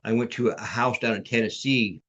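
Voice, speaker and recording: A man in a middle-pitched voice tells his story in a loose, rambling way, often stumbling over and repeating his words. He talks over a video call as a podcast guest, in a casual chat. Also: fairly even intonation, fairly quick, fairly bright tone, slightly rough, dull audio.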